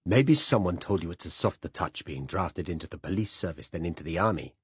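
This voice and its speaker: A man's voice: extremely low pitch, fast, darkish tone, breathy edge, no room sound, clean studio sound, full character voice. A man doing a growling bullying secret policeman. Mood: hectoring. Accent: working-class Berlin. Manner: growling, hectoring. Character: gruff male secret policeman, mid-thirties, bullying.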